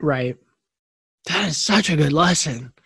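A man's voice: fairly high pitch, animated, measured pace, creaky, a bit bright, slightly rough, dry recording. Guy hosting a podcast, friendly and encouraging, dry close mic. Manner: encouraging, conversational. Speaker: podcast host. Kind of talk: podcast interview.

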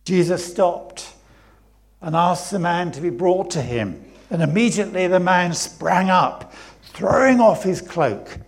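A man's voice: high-pitched, expressive, a little slow. A man, preaching a sermon in a church, reading scripture and repeating phrases for emphasis. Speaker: pastor.

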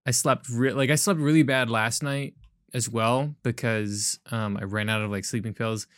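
A man's voice: medium pitch, fairly even intonation, moderate pace, a bit bright, dry recording. Drowsy young man with a dry voice. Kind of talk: casual chat.

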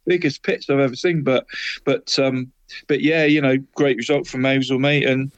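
A man's voice: mid-range voice, fairly even intonation, moderate pace, dry recording, muffled recording. A man co-hosting a local football podcast, chatting in a rambling way and tagging lines with "mate". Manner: rambling, says "mate" and "Deeks" constantly. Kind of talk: casual football chat.

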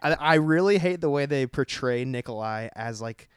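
Male co-host, smooth clear tone, dry sound, animated casual talk. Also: mid-range voice, moderate pace, no room sound. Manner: animated, laughing, frequent "like". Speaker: podcast co-host. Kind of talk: casual chat.

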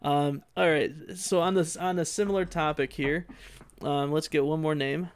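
A man's voice: fairly high pitch, fairly even intonation, normal speed, clear, resonant tone. A man co-hosting a comedy podcast, reading listener emails aloud and reacting dryly. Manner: dry reactions, steers the show back on track. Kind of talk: casual comedic chat.

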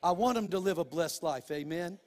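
A man's voice: a little high, normal speed, long reverb tail. A middle-aged male pastor preaching a sermon in a folksy, emphatic way, full of restarts and quoted asides.

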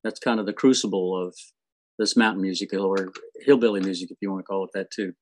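A man's voice: low-pitched, fairly even intonation, quick pace, slight background noise. A man being interviewed as a guest musician, telling stories in an easygoing way and laughing often. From from a family in Eastern Kentucky, now living in Rhode Island. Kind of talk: casual interview chat.

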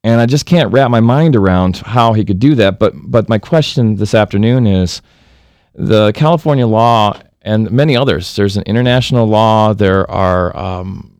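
A man's voice: on the low side, moderate pace, a little mellow, clear, resonant tone, no room sound, clean studio sound. A man hosting a call-in talk radio show, rambling with many restarts and fillers.

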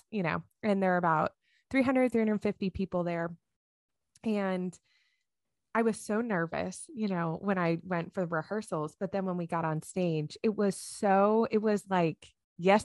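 A woman's voice: fairly low pitch, darkish tone, no echo, clean studio sound. A woman co-hosting a podcast, telling stories in a casual, chatty way with many fillers and acted-out quotes. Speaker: podcast co-host. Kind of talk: casual chat.

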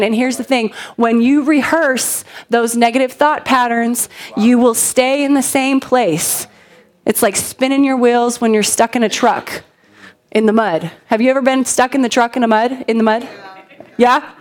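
Woman pastor, 30s, animated and talky, keeps asking the congregation questions; slightly higher voice. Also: normal speed. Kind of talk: conversational sermon with personal stories.

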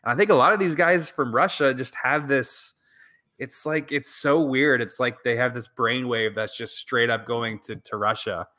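A man's voice: mid-range voice, bright, forceful tone. A man co-hosting a podcast, chatting about sports and restarting often as he works toward his point. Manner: restarts a lot, builds his point slowly. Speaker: podcast co-host. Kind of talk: casual sports chat.

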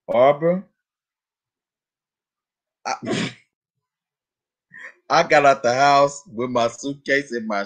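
A man telling a funny story in a casual chat, animated and profane, acting out other people's voices. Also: mid-range voice.

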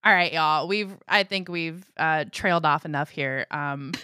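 A woman's voice: deep voice, pushed and bright, smooth, dry recording, clean studio sound. A woman hosting a live-streamed podcast, chatting casually in a bubbly, talkative way. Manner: bubbly, chatty, quick to laugh. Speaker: podcast host.

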